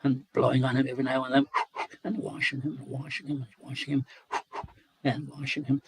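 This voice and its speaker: Gravelly, husky male storyteller. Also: medium pitch, level tone, no echo, rough recording. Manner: unhurried, repeating phrases for rhythm. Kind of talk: oral folk storytelling.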